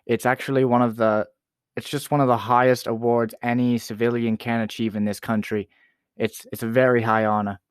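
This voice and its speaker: A man's voice: medium pitch, level tone, a little fast, clear, resonant tone, dry recording, clean studio sound, natural voice. A man playing a boastful, self-important rapper who is a guest on a comedy talk show. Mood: smug. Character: boastful young male Canadian rapper, royalist.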